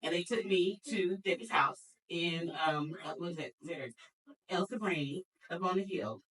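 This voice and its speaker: A woman tells a family story at a memorial service, her tone bright and lively. She jumps to a high, excited voice to act out what people said. She stands at a distance from the mic. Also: moderate pace. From Dallas, Texas. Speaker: eulogy speaker. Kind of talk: personal eulogy storytelling.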